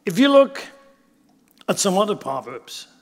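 High-voiced man preaching in a reverberant hall. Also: big pitch swings, a little slow. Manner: emphatic, asks the congregation rhetorical questions. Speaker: pastor. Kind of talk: sermon.

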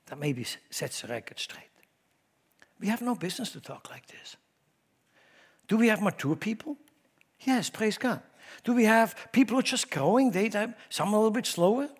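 Guy preaching in church, pretty high voice, goes loud then drops way down, keeps repeating himself and asking the crowd stuff. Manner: swings between loud emphatic declarations and low conversational asides; repeats words for emphasis, asks the congregation questions. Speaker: pastor. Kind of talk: sermon.

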